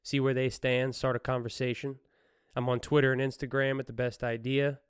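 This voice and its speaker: In relaxed solo commentary, a podcast host walks through a news story, often laughing. His mid-range voice shows little pitch movement and runs a bit fast, clean and echo-free with studio quality.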